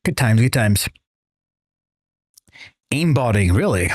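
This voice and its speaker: A man's voice: mid-range voice, very animated, slow pace, slightly rough, no room sound, studio quality. A man streaming a video game, chatting casually with his viewers, rambling and swearing freely. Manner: rambling, profane, talks to chat. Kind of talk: casual chat while gaming.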